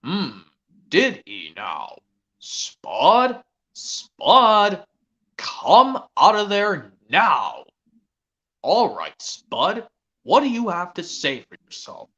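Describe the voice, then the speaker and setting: A man voicing a stern, fussy older male farmer who scolds in a slow, drawn-out way, as a fan impression. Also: high voice, wildly swooping pitch, pushed and bright, pitched above the performer's own voice, exaggerated voice. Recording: lo-fi online voice chat.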